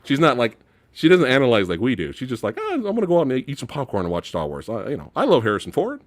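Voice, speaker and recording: A man co-hosting a casual movie review chat, ranting with animated delivery and mocking impressions. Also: mid-range voice, fast talker, no echo. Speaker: podcast co-host.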